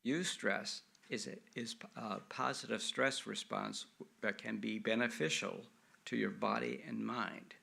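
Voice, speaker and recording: Slow, gravelly-voiced male minister. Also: on the low side, steady tone. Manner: slow, gentle, measured delivery with short phrases. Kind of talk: sermon with affirmative prayer. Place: church sanctuary.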